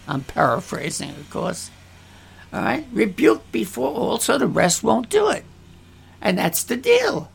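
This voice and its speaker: A man's voice: very high-pitched, wildly swooping pitch, slow, creaky, breathy edge. A male pastor talking frankly about his church, bluntly, acting out the voices of people he quotes. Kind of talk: casual talk about church life. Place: church in the Philippines.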